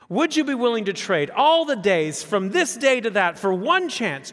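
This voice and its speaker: A man voicing a male Scottish rebel leader giving a loud, stirring battle speech, in an attempted Scottish accent. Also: very high voice, pitched above the performer's own voice, full character voice. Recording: long hall reverb.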